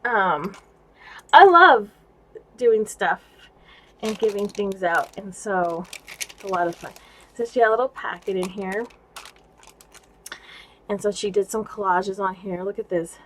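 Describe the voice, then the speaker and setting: A woman vlogging casually about craft gifts she received, gushing and excitable and laughing often, at home indoors. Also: medium pitch, a little slow, long pauses, a little hiss or hum, low-quality recording. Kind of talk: casual show-and-tell vlog.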